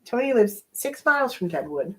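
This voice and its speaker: A woman's voice: mid-range voice, big pitch swings, normal speed, a bit bright. A woman co-hosting a casual live show. She reads viewer comments aloud and teases the host. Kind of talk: reading out live chat comments.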